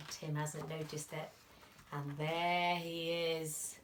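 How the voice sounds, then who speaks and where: A woman teacher reading a picture book aloud to young children, animated and expressive, dropping to whispers at tense moments. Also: fairly low pitch, measured pace. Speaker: reception class teacher.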